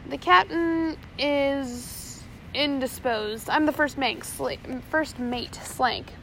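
A woman voicing a calm, steady male first mate who speaks in a cool, measured way. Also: high voice, creaky, slight background noise, exaggerated voice, rough recording.

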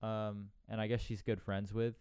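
A man's voice: lowish voice, little pitch movement, moderate pace, a little mellow, clear, resonant tone, no echo. A man casually recapping a movie on a podcast, rambling with dry asides and acting out bits of dialogue. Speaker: podcast co-host.

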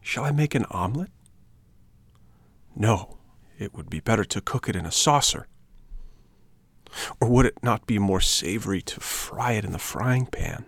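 A man voicing a hungry, desperate wooden puppet boy, speaking softly and anxiously. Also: on the low side, animated, measured pace, long pauses, dry recording. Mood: eager.

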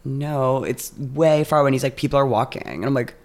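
A man rambling casually on a podcast, leaning on "like" between nearly every phrase as he tells his side of a story. His voice sits at an ordinary middle pitch. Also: a little fast, vocal fry. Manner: rambling, heavy use of "like". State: arm in a sling. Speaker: podcast co-host. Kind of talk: casual chat.

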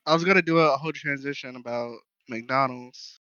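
A young man hosting a podcast, quick and joking, a bit flustered as he talks. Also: medium pitch, pushed and bright, clear, resonant tone, no room sound. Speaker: podcast host. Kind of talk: casual podcast banter. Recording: muffled lo-fi recording.

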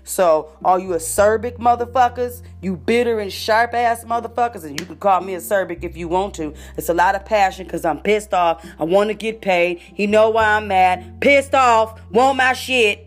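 A woman's voice: medium pitch, moderate pace, hardly any pauses, faint music behind. A woman delivering a profane, confrontational rant straight at her listeners, swearing constantly and dropping fancy vocabulary words. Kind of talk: profane ranting monologue.

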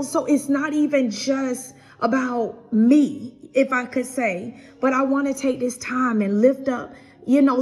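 Earnest, husky-voiced woman giving devotional encouragement. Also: medium pitch. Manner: earnest, preacherly, repeats and restarts phrases. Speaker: podcast host giving encouragement. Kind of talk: casual devotional talk.

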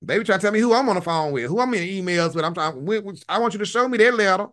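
Man, high voice, bright tone, animated profane livestream host, casual commentary. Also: rapid-fire. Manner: animated, profane, laughs often.

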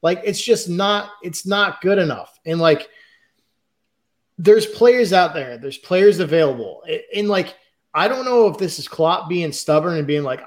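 A man's voice: high voice, lively intonation, a little slow. A man co-hosting a football podcast, ranting in frustration and swearing. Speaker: podcast co-host. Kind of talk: heated football fan chat.

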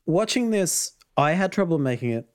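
A man's voice: fairly high pitch, big pitch swings, moderate pace. A man casually retelling a story as podcast host, with frequent ums and laughs. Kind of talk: casual chat.

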